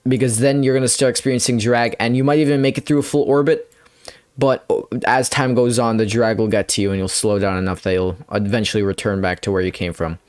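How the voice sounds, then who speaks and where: A young man giving rambling, playful gameplay commentary, with bursts of excitement when things go his way. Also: on the low side, brisk, clean tone. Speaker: gamer.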